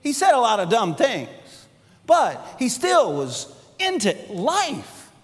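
Animated pastor with a high voice in a reverberant hall. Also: male voice, slow pace. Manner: animated storytelling, acts out quoted voices. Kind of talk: sermon. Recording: long hall reverb, faint music behind.

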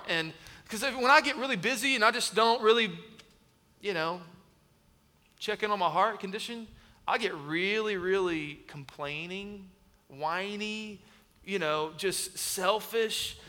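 In a big church hall with long reverb, a thirtysomething executive pastor of student ministry delivers a sermon built on funny anecdotes. He has a high voice and tells the stories with animation, doing character voices and shouting.

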